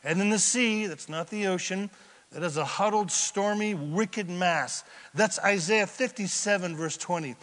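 A man's voice: high-pitched, a little slow. A man pastor delivering a dramatic sermon in a church, acting out scenes as he preaches. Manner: animated and dramatic, acts out scenes. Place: church sanctuary. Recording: reverberant church hall.

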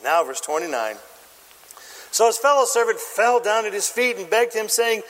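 A man preaching a sermon, telling a story with lively acted-out voices and bursts of shouting. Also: very high-pitched, moderate pace, in a large hall, rough recording. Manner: animated storytelling, acting out voices and shouting lines. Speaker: pastor.

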